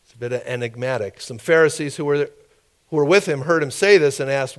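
A man's voice: fairly high pitch, brisk. A man preaching a sermon in an informal, conversational way, with asides and questions to the congregation.

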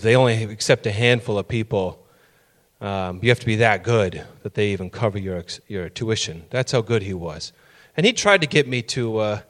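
A man's voice: mid-range voice, a bit bright. A middle-aged man preaching a sermon, telling personal stories and building to emphatic, raised passages.

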